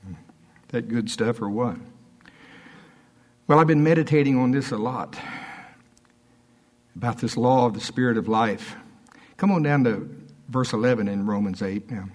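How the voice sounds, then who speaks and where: A man preaching a sermon as pastor, telling stories and acting out quotes with big swings in pitch. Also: moderate pace, long pauses. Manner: storytelling preacher, swings between high animated quotes and low asides.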